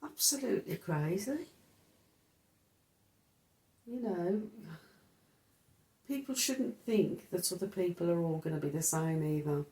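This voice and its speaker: A woman's voice: lowish voice, measured pace, long pauses, a little mellow, reverberant. A middle-aged woman chatting agreeably as co-host. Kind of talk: casual chat.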